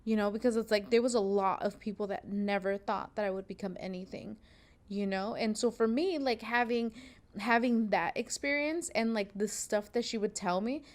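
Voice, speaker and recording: A young woman, a seamstress hosting a podcast from her sewing studio, speaks in a mid-range voice at normal speed. She tells a story casually and profanely, acting out what people said.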